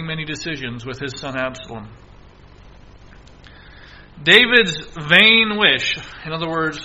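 A man's voice: a little high, sharp tone, rough recording. A male preacher giving an earnest sermon, exhorting his listeners and repeating key phrases.

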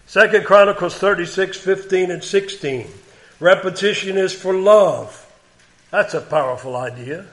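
A male preacher delivering a sermon in an unhurried, conversational manner. His voice sits a little higher than most men's, and he leans on repetition to drive his points home. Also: fairly bright tone. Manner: plain conversational preaching, repeats words for emphasis.

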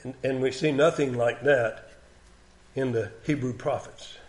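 A man's voice: medium pitch, fairly even intonation, measured pace, darkish tone. A man preaching a sermon in a plain conversational way, repeating key words for emphasis.

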